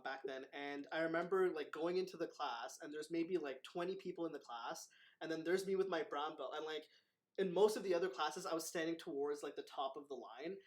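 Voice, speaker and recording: A man hosting a casual talk as a martial arts instructor. He tells his stories in a rambling way, full of fillers and acted quotes. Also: a little high. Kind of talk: casual storytelling chat.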